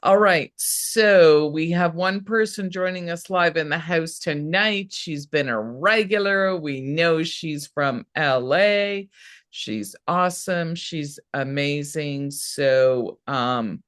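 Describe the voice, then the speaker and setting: Slow-speaking encouraging female workshop host. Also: deep voice, no room sound, studio quality. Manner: upbeat, encouraging, affirming. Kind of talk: live online workshop presentation. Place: indoor room. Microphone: video call setup.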